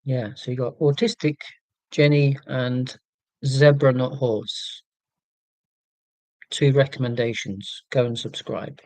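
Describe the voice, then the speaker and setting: A man's voice: medium pitch, fairly even intonation, slow, pauses often, darkish tone, no room sound, poor audio. Chatty Scottish man on a live stream. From Scotland. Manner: rambling, self-deprecating, reads out viewer comments. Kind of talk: casual live-stream chat. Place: at home.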